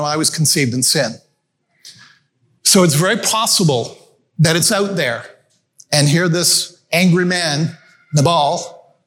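Conversational male pastor, slightly high voice. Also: fairly bright tone. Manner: conversational, addresses the audience as friends. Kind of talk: sermon with storytelling. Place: church meeting room with a screen.

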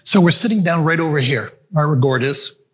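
A man's voice: on the high side, expressive, a little fast, fairly bright tone. A male pastor preaching a sermon in a conversational storytelling way, calling his listeners friends. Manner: conversational, addresses the audience as friends. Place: church meeting room with a screen.

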